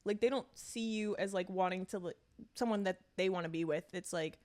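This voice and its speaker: A woman's voice: fairly low pitch, fairly quick, darkish tone. A young woman in her twenties co-hosting a podcast, talking candidly about dating, swearing and poking fun at herself. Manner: candid, swearing, self-mocking. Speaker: podcast co-host. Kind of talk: casual chat.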